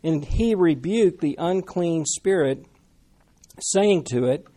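A man preaching a sermon in a conversational, animated way, talking with the congregation. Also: a little high, takes it slowly. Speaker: pastor.

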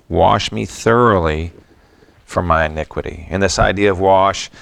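A middle-aged man delivers a sermon in a reflective, conversational manner. His voice sits very low and has a gravelly, fry-laden edge, and he moves between scripture and personal stories. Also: a bit bright. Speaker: pastor.

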